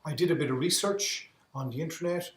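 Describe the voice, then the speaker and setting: A man's voice: fairly high pitch, fairly quick. An Irish man telling his story as a podcast guest, earnest, often repeating words as he restarts his sentences. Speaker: guest, endurance athlete. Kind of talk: reflective storytelling in conversation. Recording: roomy echo.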